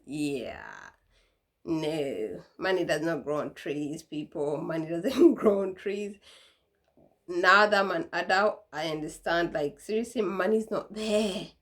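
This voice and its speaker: A woman's voice: fairly low pitch, slow, a bit bright. A young woman talking casually to camera in a vlog, chatty and laughing, acting out what her mom used to say. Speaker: vlogger.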